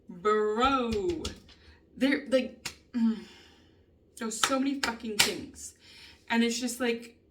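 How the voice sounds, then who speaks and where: A woman venting in a casual vlog, upset and emotional, frustrated and swearing a lot with halting ums. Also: fairly high pitch, fairly even intonation, very noisy. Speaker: vlogger. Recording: voice a bit distant from the mic.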